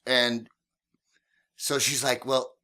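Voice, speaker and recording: Low, bright-voiced man telling stories. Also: a little slow. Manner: animated, laughing, swearing storyteller. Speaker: host, taxi driver. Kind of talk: casual podcast storytelling.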